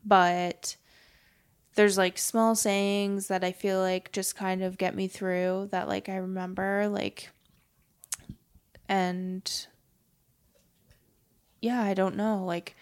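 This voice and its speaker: A young woman talking in a casual podcast conversation, soft-spoken and hesitant, with lots of fillers. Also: medium pitch, flat delivery, takes it slowly, long pauses, clean tone. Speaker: podcast guest.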